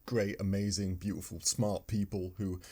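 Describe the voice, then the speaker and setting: A man's voice: sits low, little pitch movement, moderate pace, warm tone, husky. A man co-hosting a podcast, chatting casually and agreeably, often trailing off mid-sentence. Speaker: podcast co-host.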